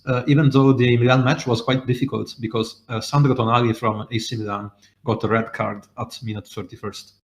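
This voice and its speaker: Male co-host, mid-pitched, hesitant casual analysis, echoey room sound. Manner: hesitant, many "uh" fillers. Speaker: podcast co-host. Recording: roomy echo.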